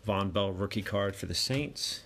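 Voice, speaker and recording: Male host, lowish voice, reads out cards in quick casual commentary over faint background noise. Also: vocal fry, fairly bright tone. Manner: rattles off card names, chatty asides to himself. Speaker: card break host. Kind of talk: casual card-opening commentary.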